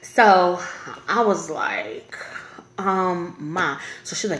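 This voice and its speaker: A woman's voice: medium pitch, unhurried, slight background noise. A woman, telling a personal story in a casual vlog and acting out the other voices in it. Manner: animated, laughing, acts out quoted voices. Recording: echoey room.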